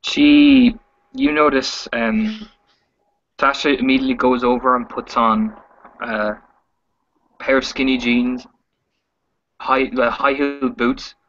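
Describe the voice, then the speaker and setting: A man narrating a tabletop role-playing game as game master, describing scenes in a halting way with fillers. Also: mid-range voice, animated, a bit bright, highs cut off.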